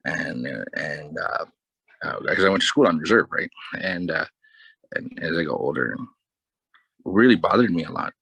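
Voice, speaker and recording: Fields: Sex: man. Pitch: very low. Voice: husky, bright. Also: moderate pace, pauses often, no room sound, low-quality recording. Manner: relaxed, humorous storytelling, laughs at own stories. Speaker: speaker sharing personal experience. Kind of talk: personal storytelling talk.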